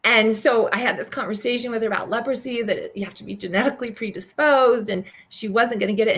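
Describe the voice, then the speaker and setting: A woman's voice: a little high, quick pace, few pauses. Older woman guest, vivid storyteller, voices the people she quotes. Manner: animated, acts out quoted dialogue. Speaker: guest, charity founder. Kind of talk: storytelling in an interview.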